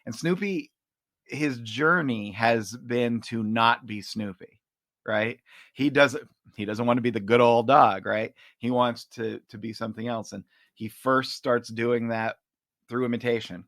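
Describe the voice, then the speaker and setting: A man co-hosting a podcast, chatting casually, laughing often and describing comic strips out loud. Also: medium pitch, a little slow, dry recording, clean studio sound. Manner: laughs often, animated when reading. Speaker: podcast co-host. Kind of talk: casual chat, reading comic strips aloud.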